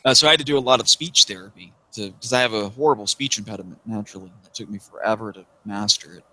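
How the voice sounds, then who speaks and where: A man's voice: on the low side, quick pace, pushed and bright. A man from the American South who lost his accent, chatting casually as a livestream guest, wry and rambling, with plenty of swearing. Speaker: interviewee, YouTuber.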